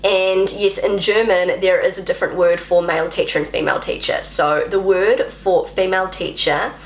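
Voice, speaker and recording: In a roomy space, a native-English-speaking language vlogger chats casually to camera in a fairly low, steady voice at a moderate pace. She is self-deprecating and talkative, repeating words while she practises them.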